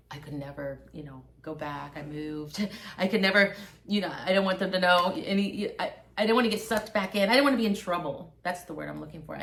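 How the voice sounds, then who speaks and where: A woman's voice: fairly low pitch, creaky, fairly bright tone. A woman in casual conversation, telling a personal story in a loose, rambling way. Her talk is full of fillers and self-corrections as she circles back to her point. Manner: rambling storyteller, many likes and restarts. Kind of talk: casual chat.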